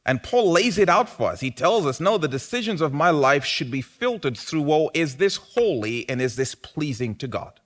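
A man preaching a sermon, animated and building to loud emphatic peaks. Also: fairly high pitch, normal speed, hardly any pauses. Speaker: pastor.

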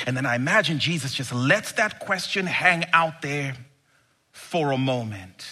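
Man preaching, bright voice, slightly husky, emphatic, rhetorical questions. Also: medium pitch, animated, a little slow. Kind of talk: sermon.

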